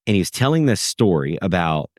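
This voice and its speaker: A man with a very low, deep voice tells stories with energy, slipping into the voices of the people he quotes. He is a podcast guest chatting casually. The sound is dry and close, with no room echo. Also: a little fast. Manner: animated storyteller, acts out quoted voices. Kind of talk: casual conversational storytelling.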